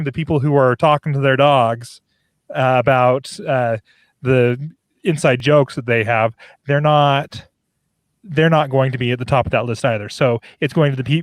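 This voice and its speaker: A man's voice: medium pitch, normal speed, dry recording. A man, an independent podcaster, speaking thoughtfully in a casual panel chat.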